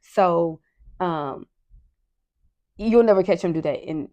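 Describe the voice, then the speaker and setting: A woman in her thirties hosting a podcast, talking candidly and emotionally in a casual way, with soft asides and frequent fillers. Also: lowish voice, takes it slowly. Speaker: podcast host. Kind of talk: casual personal talk.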